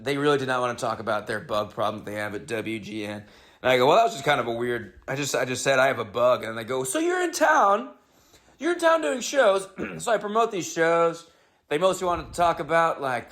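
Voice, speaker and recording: A man's voice: medium pitch, a bit bright. A man hosting his own podcast, telling a comedic story in a rambling, wry, self-interrupting way.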